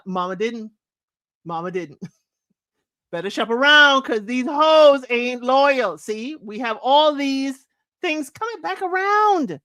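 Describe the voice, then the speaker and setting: Woman host, chatty and laughing, higher voice, dry close mic. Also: fairly bright tone, no room sound. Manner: chatty, laughing, half-sings song lines. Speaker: podcast host. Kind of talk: casual chat reviewing old chart songs.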